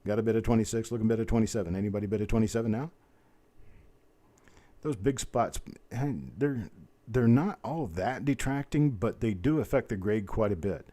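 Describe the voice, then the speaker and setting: A man with a drawl runs a live coin auction, chanting bids fast and then slowing down for chatty asides. His voice sits low, with a dark, mellow tone. He sounds like a seasoned middle-aged auctioneer. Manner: rapid bid-calling chant mixed with folksy chatter. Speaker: auctioneer host. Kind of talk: live online auction calling.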